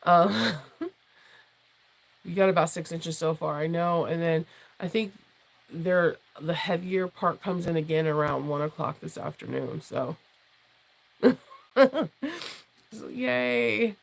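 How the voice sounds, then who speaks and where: A woman hosting a casual sewing livestream from home. She is losing her voice, so it sits deeper and husky, and she chats in a rambling way, full of restarts and laughs. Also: slow, long pauses, low-quality recording. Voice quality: low, husky tone she calls her jazz voice. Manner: rambling and chatty, with many restarts, fillers and laughs. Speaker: sewing channel host and sewing teacher. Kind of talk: casual livestream chat with viewers.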